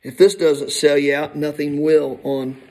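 A man preaching a sermon, emphatic, swinging from soft asides to shouted appeals. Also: on the high side, level tone, measured pace, poor audio.

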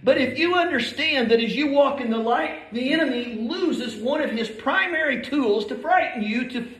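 A man's voice: very high voice, moderate pace, fairly bright tone. A middle-aged male pastor preaching a sermon in a church, emphatic and building in force as he reads scripture aloud. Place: church sanctuary. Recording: echoey church hall.

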